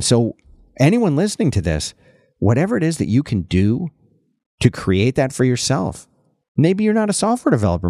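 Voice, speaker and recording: A man hosting a podcast, chatting casually in an animated way and often restarting his sentences. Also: medium pitch, no room sound, studio quality. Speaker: podcast host.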